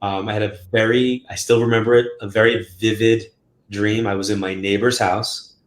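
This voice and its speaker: A man's voice: fairly low pitch, moderate pace. Man telling stories in a roomy room. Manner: animated, acts out quotes in a raised voice. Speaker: guest psychic medium. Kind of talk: casual interview storytelling. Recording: roomy echo.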